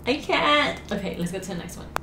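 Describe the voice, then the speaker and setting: A woman hosting a reaction video from home, talking casually, jumpy and excitable, swearing often. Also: medium pitch, a little fast, echoey room, very noisy.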